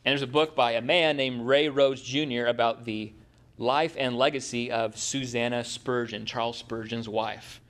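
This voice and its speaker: A man's voice: mid-range voice, steady tone, moderate pace, fairly bright tone. Middle-aged male pastor, conversational sermon delivery, rhetorical questions to the congregation.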